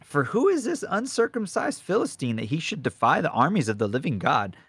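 A man's voice: on the high side, quick pace, no echo, studio quality, voice pushed up, natural voice. A man voicing a young shepherd full of bold faith, exclaiming in shocked disbelief. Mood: amazed. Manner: excited, incredulous exclaiming.

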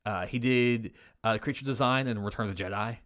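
This horror podcast co-host speaks a little fast in a fairly bright, medium-pitched voice, with no room sound and studio-quality audio. He's relaxed and chatty, swears at times, and reads the credits for the episode.

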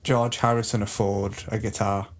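A man doing a deadpan, mock-serious comedy chat, often hesitant and trailing off. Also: lowish voice, moderate pace.

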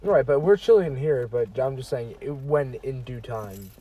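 A man's voice: medium pitch, normal speed. Laid-back young man chatting at a distance. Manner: relaxed, gives friendly advice. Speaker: friend. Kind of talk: casual chat. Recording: distant mic with faint background noise.

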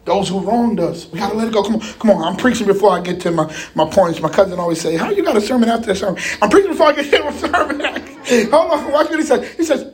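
A man preaching a sermon in a lively, animated way, laughing and shouting at times. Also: high-pitched, fast, few pauses.

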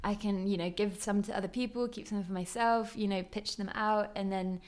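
Young woman, songwriter guest, casual chat, frequent laughter, mid pitch. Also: fairly even intonation, fairly quick, darkish tone. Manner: chatty, laughs often, lots of "like".

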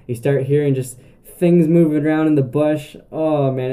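Young male podcast host with a very dark, mellow voice. Casual, rambling storyteller. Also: mid-range voice, fairly even intonation, quick pace, few pauses. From Canada. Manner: rambling, many filler "like"s and restarts.

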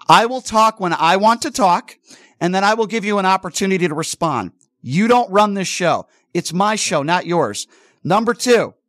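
A man's voice: sits high, a bit bright, no echo, clean studio sound. A man hosting a call-in radio show, interrupting callers firmly and arguing heatedly. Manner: interrupts often, firm and combative. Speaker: radio talk show host.

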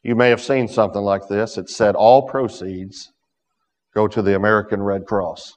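A man with a low voice delivers a sermon, climbing to loud emphatic peaks and sinking to hushed storytelling. His voice rings with a long reverb, as if in a church sanctuary. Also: fairly even intonation, moderate pace. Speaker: preacher.

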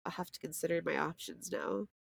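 A woman in her thirties chatting frankly on a podcast, with a low, gravelly voice full of vocal fry. The sound is dry and close, with no room echo. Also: steady tone, brisk. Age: 30s. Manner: frank, chatty, swears casually. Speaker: podcast co-host. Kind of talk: casual chat.

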